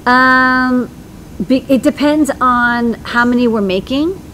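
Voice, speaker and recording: A woman's voice: high voice, slow pace, a bit bright, a little hiss or hum, poor audio. A woman co-hosting a casual live stream, answering viewer questions in a chatty way with many ums and restarts.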